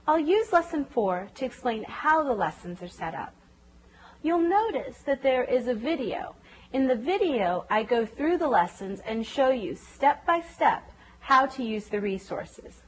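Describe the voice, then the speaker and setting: A woman narrating a scripted tutorial for teachers, clearly explaining step-by-step reading lessons and carefully sounding out phonemes. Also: on the high side, a little hiss or hum. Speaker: reading teacher demonstrating a website. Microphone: voice-over.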